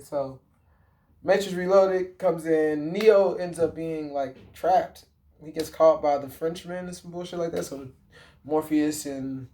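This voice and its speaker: A man's voice: fairly high pitch, mellow. A man talking casually to his viewers about a film, rambling and slangy, with lots of swearing, fillers and self-corrections. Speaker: vlogger. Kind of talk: casual movie talk.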